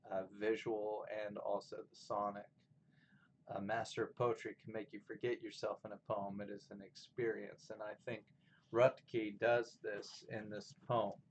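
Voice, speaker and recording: A literature lecturer with a lowish voice teaches a class about poetry, explaining with fillers and restarts. When he reads poems aloud, he stresses the rhythm and gets louder than his regular talk. The recording is muffled with slight background noise.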